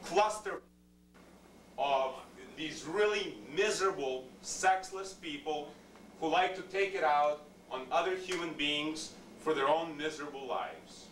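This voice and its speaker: A man's voice: fairly high pitch, measured pace, a bit bright. A man speaking at a public board meeting, ranting angrily with insults and demands. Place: meeting room, indoors. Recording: echoey room from far off, faint noise.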